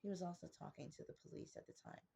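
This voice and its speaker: Woman, gravelly voice, casual chatty storytelling, in bed at home, vlog. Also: lowish voice, huge pitch swings, racing, warm tone, a little hiss or hum. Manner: chatty, rambling anecdote telling. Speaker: vlogger. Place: in her bedroom, sitting in bed.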